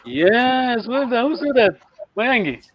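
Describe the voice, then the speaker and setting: A man's voice: very high-pitched, expressive, takes it slowly, no echo, muffled recording. A man teaching a live online language lesson, encouraging learners and repeating words for them to copy.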